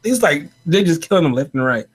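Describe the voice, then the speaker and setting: Male host, chatty and animated, laughs a lot, loose podcast banter. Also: a little high, fast talker, breathy edge. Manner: animated, laughs often, many fillers. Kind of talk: casual panel chat.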